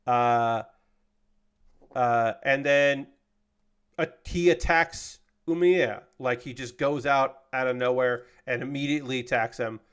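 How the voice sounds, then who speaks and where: A man's voice: mid-range voice, fairly even intonation, slow, fairly bright tone, clean tone. A man casually recapping an anime episode on a livestream, loose and profane, with lots of fillers and restarts. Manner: gets heated and indignant when he talks about unfair characters.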